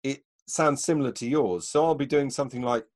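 A man co-hosting a comedy sketch show, chatting in a relaxed, rambling way. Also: mid-range voice, fairly quick. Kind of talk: casual chat.

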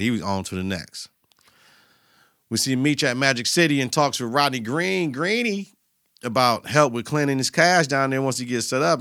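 A man talks through a TV episode on his podcast, loose and lively, and jumps into the characters' voices as he retells scenes. His voice is bright and forceful. The sound is dry and close to the mic. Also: medium pitch, no room sound. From Milwaukee, Wisconsin. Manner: animated retelling, acting out characters' lines with laughs. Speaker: podcast host. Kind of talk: casual episode recap.

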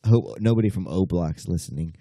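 A man's voice: deep voice, expressive, brisk, mellow, no room sound, clean studio sound. A young man co-hosting a casual podcast, steering the talk with blunt jokes. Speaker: podcast co-host. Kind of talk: casual chat.

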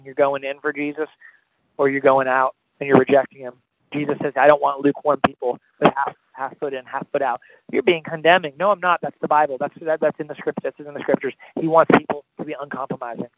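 A man, an evangelist, preaching with impassioned, pleading, repetitive calls on a podcast. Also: mid-range voice. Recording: tinny phone-line sound, dry.

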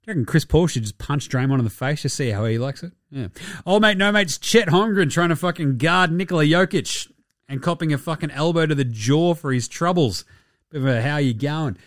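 A man's voice: fairly high pitch, expressive, brisk, dry recording, studio quality. A young Australian man hosting a casual sports podcast, joking and swearing through his talk. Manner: irreverent, sweary, jokey banter. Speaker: podcast host.

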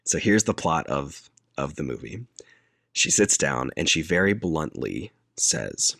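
Man, very deep voice, dry close sound, casual movie recap, deadpan quotes. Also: measured pace, gravelly, dry recording. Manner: laid-back storyteller, deadpan quoting, laughs often. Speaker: podcast co-host retelling a movie. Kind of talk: casual chat.

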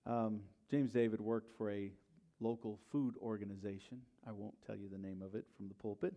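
A middle-aged man preaching a sermon in a church. He tells a personal story in a conversational way, dropping to quiet asides and rising to loud bursts. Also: fairly low pitch, steady tone, normal speed. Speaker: pastor.

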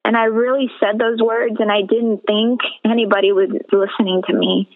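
A woman from the Caribbean tells her life story as a radio interview guest, earnest and measured. Her voice carries a gravelly fry and stays flat in pitch. It comes through a thin, tinny phone line. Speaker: guest sharing her testimony. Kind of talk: personal testimony in a radio interview.

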